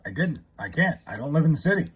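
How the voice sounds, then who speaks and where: Male streamer, husky voice, lively pitch, loose profane chat with viewers, drawls out joke names. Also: quick pace. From New York area. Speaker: livestreamer. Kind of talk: casual live stream chat, reading viewer comments. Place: his house.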